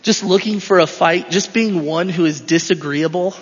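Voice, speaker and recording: A male pastor with a high-pitched, slightly rough voice preaches an expository sermon in a church at a normal pace, emphatically repeating phrases for stress. The recording sounds dull and lo-fi, with a long hall reverb.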